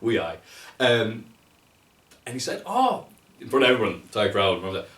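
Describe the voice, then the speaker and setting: A young wrestling video maker from North East England chats casually as a guest, swearing a lot and doing voices for the quotes he acts out. He talks fast in a fairly low, fairly bright voice. The recording is echoey and taken from mic distance.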